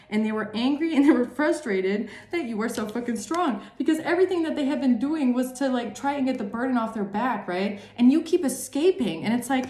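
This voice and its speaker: A woman's voice: fairly high pitch, a little mellow, roomy sound. A woman giving a tarot reading monologue, emphatic and repetitive, swearing freely. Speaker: tarot reader.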